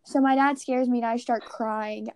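A young woman co-hosting a podcast, telling a story in an animated, self-mocking way. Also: a little high, moderate pace, clean tone. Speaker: podcast co-host. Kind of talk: casual chat.

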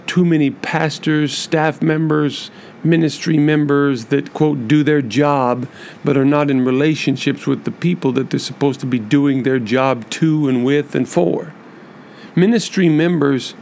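A man hosting a podcast, speaking earnestly and emphatically to church leaders in a measured monologue with many repeated lists. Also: on the high side, gravelly, darkish tone, a little hiss or hum. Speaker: podcast host.

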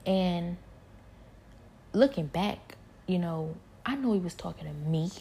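Gravelly low-voiced woman, trailing into whispers. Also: expressive, slow pace. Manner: soft-spoken, often trailing into whispers; rambling, many fillers and repeats. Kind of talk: personal spiritual testimony.

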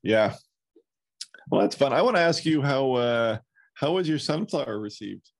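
A man's voice: medium pitch, animated, normal speed, gravelly, dry recording. A man co-hosting a podcast, chatting in an easygoing, hesitant way that trails off in short phrases. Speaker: podcast co-host. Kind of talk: casual podcast chat.

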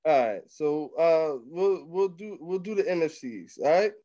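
A man with a fairly high voice, running a quiz segment in a casual sports chat. He is blunt and offhand, on a dull lo-fi recording. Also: expressive, a little slow, warm tone.

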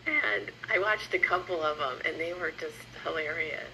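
A woman co-hosting a podcast in casual conversation, her voice pitched lowish but bright and forward. She talks eagerly, with halting starts and restarts. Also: vocal fry, a little hiss or hum, rough recording. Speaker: podcast co-host. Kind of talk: casual chat.

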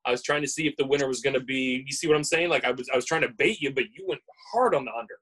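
A man's voice: medium pitch, racing, fairly bright tone, husky, poor audio. A man co-hosting a podcast in casual chat, playful and teasing, often stammering over restarts. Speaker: podcast co-host.

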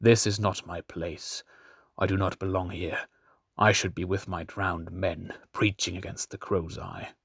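A man reading as a weakened, fervent male priest with a rusty, thick-tongued voice, speaking low and intense. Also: level tone, unhurried, vocal fry, husky, no echo, clean studio sound, full character voice. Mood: troubled.

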